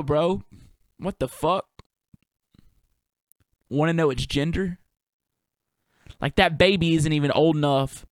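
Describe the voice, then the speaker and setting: Young man, podcast host, rambling monologue, slangy and profane, mid pitch, dry close sound. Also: a bit bright, clear, resonant tone, no room sound. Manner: loose, profane, stream-of-consciousness musing; laid-back slang with many fillers. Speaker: podcast host and touring performer.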